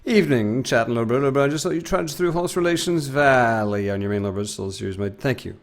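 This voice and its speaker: Gravelly guy in his twenties goofing around on a game stream, reads chat out loud, voice bounces all over the place. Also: medium pitch, expressive, quick pace. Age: 20s. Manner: goofy, rambling, reads chat aloud, breaks into silly sing-song bits. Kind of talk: casual live-stream chat while gaming.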